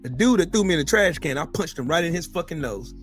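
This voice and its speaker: A middle-aged man hosting a podcast, telling military stories in a casual, profane and animated way. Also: fast, soft background music. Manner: animated, profane, swings between loud and low. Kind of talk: casual storytelling chat.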